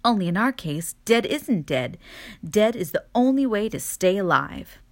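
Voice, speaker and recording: A woman's voice: medium pitch, big pitch swings, normal speed, lightly acted. A woman reading a storybook aloud, voicing a wise and theatrical mother possum who lectures her babies. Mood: solemn.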